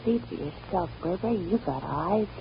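An actress playing a gossipy, folksy wife who talks in chattering, ungrammatical speech, in 1930s radio drama acting. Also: female voice, on the low side, lively intonation, moderate pace, gravelly, background noise. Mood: coaxing. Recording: dull lo-fi old radio recording.

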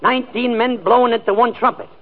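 A man's voice: very high voice, fairly even intonation, quick pace, noisy background. A man hosting a 1940s radio comedy show, trading dry wisecracks. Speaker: radio host. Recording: tinny old radio broadcast. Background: studio audience.

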